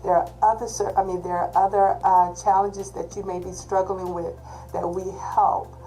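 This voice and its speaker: A woman's voice: fairly low pitch, little pitch movement, normal speed, mellow, soft background music, rough recording. A woman with a Texas accent, a college disability services manager, giving an emphatic orientation talk on a video call and repeating her key points. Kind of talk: virtual orientation presentation.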